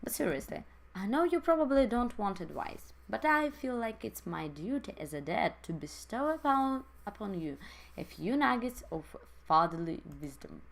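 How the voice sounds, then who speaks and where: A woman's voice: medium pitch, sing-song, moderate pace, creaky. A woman voicing a goofy, earnest middle-aged dad who fumbles but tries hard to be supportive. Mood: reassuring.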